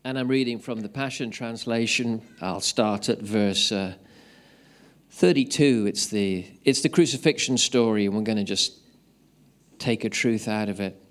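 A man's voice: on the low side, unhurried. A man preaching to his church on Easter morning, telling a joke and then reading scripture aloud in a casual manner. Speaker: pastor. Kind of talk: sermon.

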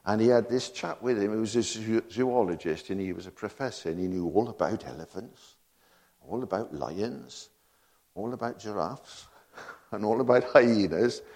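A man's voice: fairly low pitch, moderate pace, darkish tone. A man preaching a sermon, full of rhetorical questions and laughing asides.

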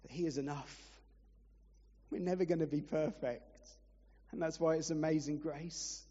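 A man's voice: a little high, fairly even intonation, moderate pace, dark tone. A man preaching a sermon as pastor, earnest and pleading, at times emotional. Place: church hall. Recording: reverberant church hall, muffled.

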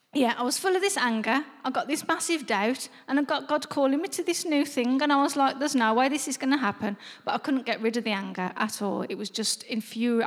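Brief: middle-aged woman, earnest testimony, slightly high voice, echoing hall. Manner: earnest, conversational, with frequent restarts. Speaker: speaker sharing a faith testimony. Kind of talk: personal testimony. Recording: long reverb, as in a hall.

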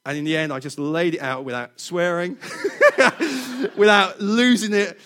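A middle-aged man preaching, telling a personal story in an animated way, laughing often and repeating words. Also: high voice, unhurried.

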